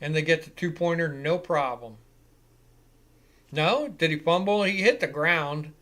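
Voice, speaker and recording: Guy hosting a live football reaction stream, swears a lot, gets worked up, bright edgy voice, kinda high. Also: unhurried. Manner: excitable and profane, swears freely. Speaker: live reaction show host. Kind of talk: live play-by-play reaction commentary.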